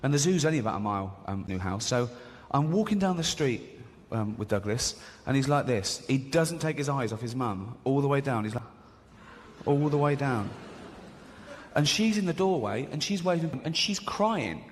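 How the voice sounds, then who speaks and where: A man's voice: medium pitch, expressive, normal speed, slight background noise. A middle-aged English man with a mocking, conversational manner, delivering a stand-up routine with frequent stammered restarts. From England. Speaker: stand-up comedian. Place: large theatre stage. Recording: live hall with loud crowd. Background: loud audience laughter.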